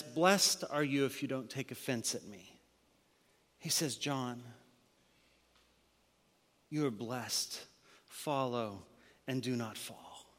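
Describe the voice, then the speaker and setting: A male pastor preaching a sermon, moving between loud emphatic passages and hushed, near-whispered lines. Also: mid-range voice, long reverb tail.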